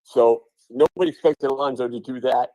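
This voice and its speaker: A man co-hosting a casual sports podcast, talking through stats in a chatty, analytical way. His voice is mellow and dark. The sound is dry and close. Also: medium pitch, fairly even intonation, brisk, no room sound, rough recording. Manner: chatty, analytical, uses fillers. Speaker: podcast co-host.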